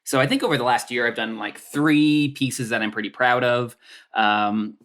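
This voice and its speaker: A Canadian man is a guest on a comedy podcast, rambling casually through his thoughts with many filler words and restarts. His voice sits at an ordinary middle pitch, steady in tone, a bit bright, and at normal speed.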